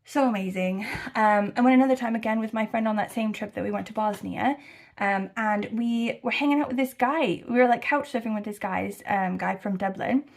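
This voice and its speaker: A young American woman chatting casually to camera about her travels, rambling and animated, with lots of fillers and swearing. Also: mid-range voice, a little fast, vocal fry. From United States. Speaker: travel vlogger. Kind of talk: casual chat.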